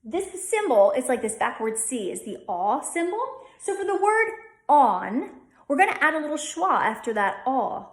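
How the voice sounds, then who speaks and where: A woman's voice: sits high, very animated, normal speed, reverberant. A woman from Delaware County with a Delco accent, teaching a dialect lesson at a whiteboard and repeating each sound several times. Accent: Delco (Delaware County, Pennsylvania). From Delaware County, Pennsylvania. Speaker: dialect coach.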